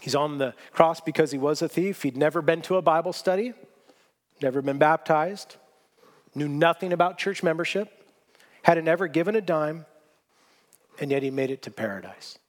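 A man's voice: a little high, moderate pace, long pauses. A man preaching a sermon as pastor, earnest and emphatic, repeating key phrases and often restarting sentences.

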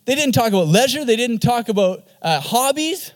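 A man who is a pastor, preaching an animated sermon and often repeating words for emphasis. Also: very high-pitched, moderate pace.

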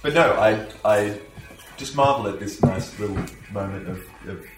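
A man's voice: lowish voice, normal speed. A man playing a tabletop game, joking and laughing a lot. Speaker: player. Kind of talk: casual tabletop role-play. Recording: echoey room, distant mic, noise.

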